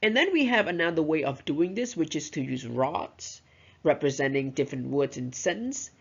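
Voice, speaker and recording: Low, husky, and gravelly, this woman's voice is expressive and moderately paced, captured in dull lo-fi audio. The teacher trainer walks through teaching pronunciation step by step in a recorded lecture, frequently adding "right?" and "you know."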